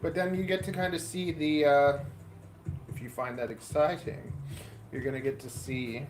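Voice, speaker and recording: A man's voice: fairly high pitch, fairly even intonation, normal speed, noisy background. A man hosting a casual live stream, rambling and muttering to himself while he sets up equipment indoors. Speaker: livestream host.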